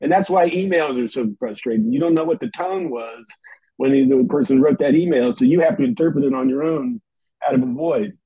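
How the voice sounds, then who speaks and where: A man's voice: mid-range voice, brisk, mellow, slightly rough, no echo, highs cut off. A man joining a podcast discussion as a guest, explaining his points with examples. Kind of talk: casual group discussion.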